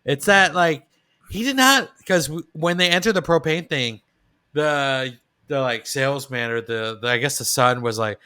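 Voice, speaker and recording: A man co-hosting a podcast, chatting casually about a cartoon episode with relaxed, agreeable reactions and fillers. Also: mid-range voice, normal speed, clear, resonant tone. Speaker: podcast co-host.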